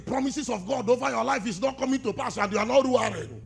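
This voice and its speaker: A man with a Nigerian accent preaching a sermon, dropping to low murmurs and then shouting, calling out to his listeners for responses. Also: brisk, gravelly, hardly any pauses, slight background noise.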